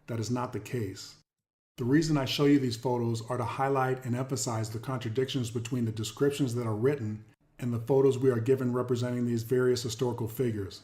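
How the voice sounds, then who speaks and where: A man reads passages aloud and breaks in with his own commentary. His pitch sits in an ordinary middle range for a man. He leans hard on key words, repeats them for weight and keeps calling his viewers folks. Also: fairly even intonation, brisk, warm tone. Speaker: host. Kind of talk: commentary reading articles aloud.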